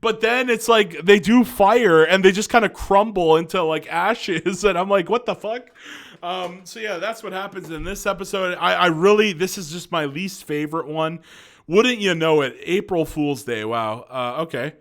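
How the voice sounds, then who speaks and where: A man's voice: high voice, moderate pace, fairly bright tone. A young man giving casual, rambling commentary as a video reviewer, chatty and profane, laughing often and stumbling over words. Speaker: YouTube show reviewer.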